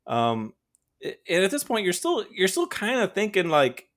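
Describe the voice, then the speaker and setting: A man's voice: sits high, wildly swooping pitch, moderate pace, a bit bright. A man co-hosting a podcast in casual chat, rambling with many fillers and frequent laughter. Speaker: podcast co-host.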